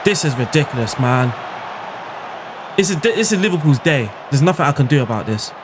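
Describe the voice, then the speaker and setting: A man's voice: mid-range voice, expressive, brisk, background noise. A man commentating on his own football game as a YouTuber, exclaiming and groaning at every chance. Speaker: gaming YouTuber.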